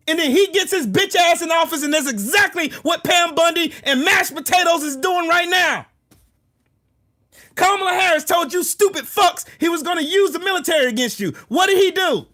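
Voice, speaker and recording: A man hosting his own channel, delivering a heated, profane political rant that bursts into shouting. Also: very high-pitched, expressive, normal speed. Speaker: political commentary channel host.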